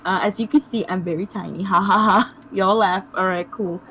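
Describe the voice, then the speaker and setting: A woman's voice: mid-range voice, fairly even intonation, normal speed, a bit bright, slight background noise, natural voice, low-quality recording. A woman playing an awkward, tiny shopkeeper, with giggles.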